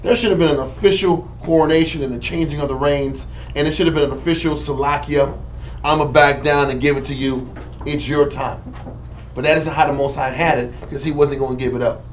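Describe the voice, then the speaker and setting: A man's voice: fairly high pitch, steady tone, fairly quick, lo-fi sound. A man leading a casual group Bible study, talking in slang and commenting on scripture readings. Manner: loud, laughing storytelling, slangy. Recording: distant mic, faint noise.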